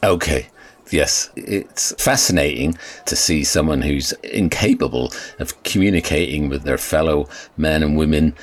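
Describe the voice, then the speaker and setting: Man playing a bemused radio reporter, low voice, dry and polite, comedy sketch. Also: measured pace.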